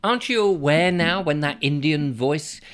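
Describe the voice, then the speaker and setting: A man's voice: on the high side, moderate pace, a bit bright, clear, resonant tone. A man hosting his own vlog, telling a story in a rambling, chatty monologue full of wry asides. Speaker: vlogger, show host. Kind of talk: casual to-camera monologue.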